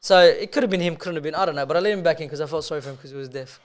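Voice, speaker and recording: A man's voice: a little high, very fast. A young man, co-hosting a podcast and telling rambling, sweary stories, laughing as he goes. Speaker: podcast co-host. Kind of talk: casual chat, storytelling.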